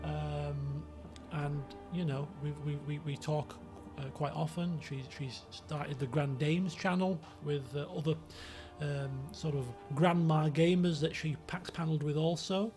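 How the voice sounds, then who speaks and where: A man's voice: a little high, steady tone, a little slow, over music. A man with a Yorkshire accent, chatting casually on his stream, rambling with many fillers and restarts. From Yorkshire, England. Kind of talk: casual chat.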